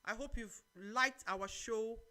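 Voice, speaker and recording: Bright-voiced Nigerian woman hosting a church talk show. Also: on the high side, slow pace. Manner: lively, preachy, mixes in Nigerian Pidgin phrases. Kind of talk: live-streamed church talk show, reading viewer comments.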